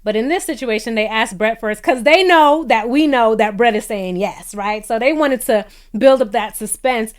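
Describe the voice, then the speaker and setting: A young woman casually recapping a reality show, chatty and animated, laughing often and jumping into higher-pitched voices for her reactions. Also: normal speed, hardly any pauses.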